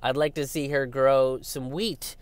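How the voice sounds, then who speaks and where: A young man giving a casual political rant, animated and sarcastic, swearing often and mocking his opponents. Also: medium pitch, a little slow, clear, resonant tone, no echo. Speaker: political commentator. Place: outdoors by a road with passing traffic.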